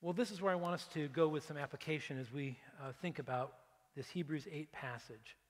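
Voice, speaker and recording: Animated pastor preaching in a reverberant hall. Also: male voice, on the high side, fairly quick. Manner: conversational, animated preaching with acted prayers and sudden hushed asides. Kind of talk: sermon. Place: church sanctuary.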